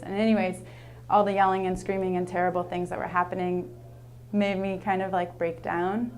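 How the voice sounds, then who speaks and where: A woman's voice: lowish voice, fairly even intonation, a little fast, a little mellow, slight background noise. Earnest, rambling young woman teacher. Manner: rambling, heavy use of "like", earnest. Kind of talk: casual personal storytelling.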